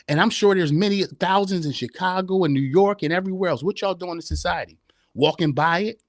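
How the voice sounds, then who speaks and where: A man's voice: high voice, no room sound, clean studio sound. Preachy fired-up man on a live podcast. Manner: preachy, exhorting, rhetorical questions. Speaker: podcast host. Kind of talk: live-streamed motivational talk.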